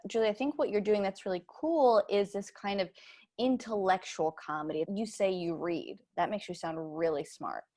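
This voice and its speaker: A woman hosts a comedy workshop show with an upbeat, mock-earnest delivery. Her voice sits at an everyday middle pitch. She hands out playfully overconfident notes. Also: normal speed, a little mellow.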